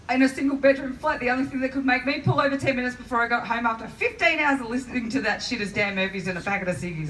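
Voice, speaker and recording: A woman comedian with an Australian accent, telling stand-up stories in an animated way to a live crowd. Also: fairly high pitch, slight background noise. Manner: animated storytelling. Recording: echoey venue, heard from a distance. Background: audience laughter.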